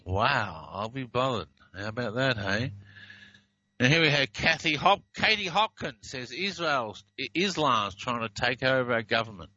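A man with an Australian accent hosting a video, reading phrases aloud in a drawn-out, wry way. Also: medium pitch, expressive, pushed and bright, no echo, muffled recording. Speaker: video host. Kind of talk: casual commentary over played clips.

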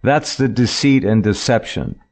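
A man co-hosting a casual chat, emphatic and quick to agree and sum things up. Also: medium pitch, a little mellow. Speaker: co-host.

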